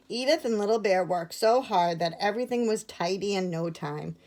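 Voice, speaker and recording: A woman teacher reading a picture book aloud to children in a gentle, expressive way. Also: fairly low pitch, normal speed, hardly any pauses.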